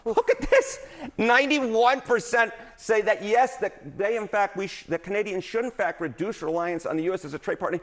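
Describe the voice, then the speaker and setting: A man on a news broadcast walking through poll numbers in a brisk, explanatory way. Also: high-pitched, a bit bright. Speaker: polling analyst. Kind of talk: news analysis segment.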